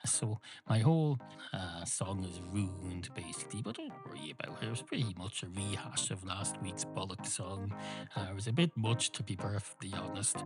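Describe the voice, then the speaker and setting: A man hosting a comedy podcast, rambling in a deadpan way, swearing and interrupting himself. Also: sits low, normal speed, over loud music. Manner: profane, self-interrupting, deadpan. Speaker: podcast host.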